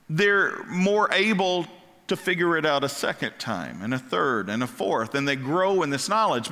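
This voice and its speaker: A man preaching a sermon as pastor, animated and asking the congregation questions. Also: high voice. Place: church sanctuary. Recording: long hall reverb.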